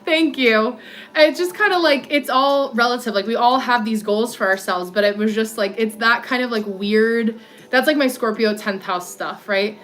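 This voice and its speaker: A woman's voice: on the high side, moderate pace, a bit bright, faint music behind. Alto lady in her 30s chatting on a phone livestream while walking, says "like" a lot, talks back to comments. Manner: rambling, heavy on "like" fillers, answering viewer comments. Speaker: livestream host. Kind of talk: casual livestream chat.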